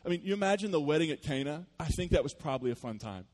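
A male pastor with a fairly high voice preaches very fast in a dry recording. His sermon is conversational and story-driven, full of playful asides, shifting between loud, animated bursts and quiet, earnest passages.

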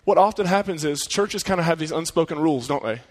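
Speaking fast and expressively, a male pastor delivers an earnest, conversational sermon in a somewhat higher-than-average voice. He repeatedly poses rhetorical questions to his audience, while a lengthy reverb makes it sound like a large hall.

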